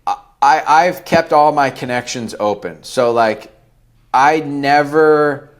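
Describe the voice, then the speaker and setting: A man's voice: mid-range voice, slow pace. A man in his thirties, a podcast guest telling candid stories in a blunt, profane way. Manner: blunt and profane, acts out quoted dialogue. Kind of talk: candid storytelling interview.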